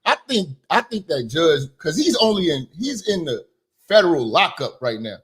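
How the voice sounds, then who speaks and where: A man's voice: fairly high pitch, very animated, moderate pace, husky. A man hosting casual commentary who speaks bluntly and profanely in a conversational way. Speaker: commentary host.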